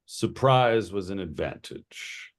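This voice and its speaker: A man's voice: deep voice, expressive, slow. A man voicing a weathered former war captain who speaks steadily in a tabletop game. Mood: earnest.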